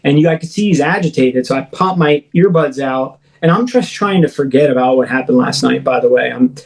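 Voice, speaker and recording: A man, a podcast guest, recounting his own experience in a rambling, filler-heavy way and acting out his own shouts as he retells it. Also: mid-range voice, fairly quick, vocal fry, poor audio. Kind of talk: first-person storytelling in a podcast interview.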